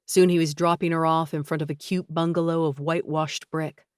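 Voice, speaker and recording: A woman narrating an audiobook in a measured, gently expressive reading. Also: sits low, smooth, dry recording, clean studio sound.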